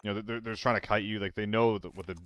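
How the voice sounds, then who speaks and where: Low-voiced man streaming a shooter game. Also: steady tone, fast, fairly bright tone, clean tone. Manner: rambling, talks to chat while playing. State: hiccuping and clearing throat. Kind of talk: casual gameplay commentary.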